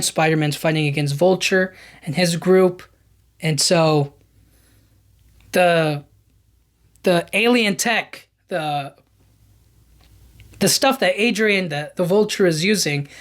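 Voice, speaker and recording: A man hosting a podcast, recapping film scenes in a casual, animated way with lots of fillers and restarts. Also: high-pitched. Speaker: podcast host.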